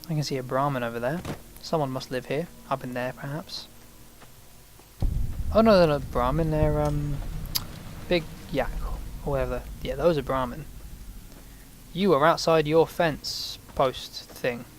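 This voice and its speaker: A gaming channel host rambles casually about the game he's playing, tossing in self-mocking asides. He speaks at a moderate pace in a medium-pitched voice, with slight background noise.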